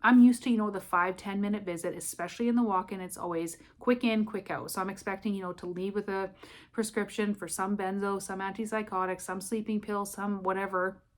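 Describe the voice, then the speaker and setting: A woman's voice: mid-range voice, steady tone, fairly quick. A woman vlogging at home in her apartment, retelling a personal story in a candid, rambling way full of "I'm like" asides.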